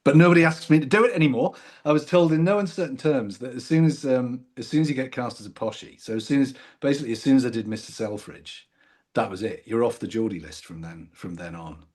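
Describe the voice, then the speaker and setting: A middle-aged man from Newcastle, England, speaking in received pronunciation as an actor guest, relaxed and self-mocking with frequent laughs. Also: mid-range voice, quick pace. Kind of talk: casual chat.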